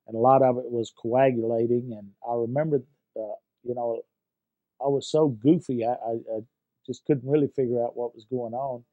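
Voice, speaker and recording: An older man recalling his war experiences in a halting way, with many fillers and repeated words. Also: mid-range voice, warm tone, lo-fi sound. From United States. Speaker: veteran interviewee. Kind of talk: personal war recollection.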